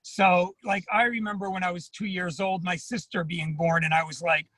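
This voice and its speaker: A man with a high, husky voice talks earnestly and personally as an addiction therapist at an online panel. He tends to repeat words as he speaks. His sound is dry and close, with no room around it. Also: fairly even intonation, normal speed, few pauses, bright, forceful tone, dry recording, rough recording. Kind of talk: panel talk at an online symposium.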